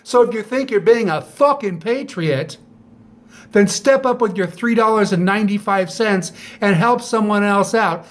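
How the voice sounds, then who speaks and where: Angry middle-aged man, high voice. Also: moderate pace. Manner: bitter, profane, sharp rhetorical jabs. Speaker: vlogger. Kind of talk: angry monologue to camera.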